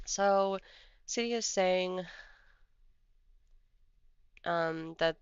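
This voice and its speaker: A trading streamer chats through charts in a casual live commentary, drifting and thinking aloud. The voice has a gravelly, fry-edged texture. The sound is dry and a little dull, like a lo-fi home mic. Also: mid-range voice, moderate pace, long pauses, fairly bright tone, no room sound. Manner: rambling, thinks aloud while scrolling charts. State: has the hiccups.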